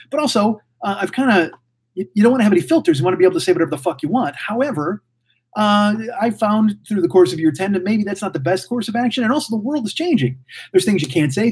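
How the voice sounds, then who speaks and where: Fast-talking husky-voiced motor-mouth man. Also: high-pitched, darkish tone. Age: 40s. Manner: rambling, profane motor mouth; mouthy, blurts without thinking. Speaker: podcast host reading live chat. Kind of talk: casual livestream chat.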